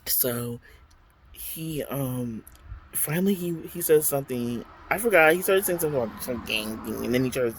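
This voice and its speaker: A man at home talking to his viewers in a chatty storytime manner, tossing in dramatic exclamations and plenty of fillers. His pitch sits in an ordinary middle range. A faint background hiss runs under the recording. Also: expressive, moderate pace. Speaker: vlogger. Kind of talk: casual storytime and product unboxing.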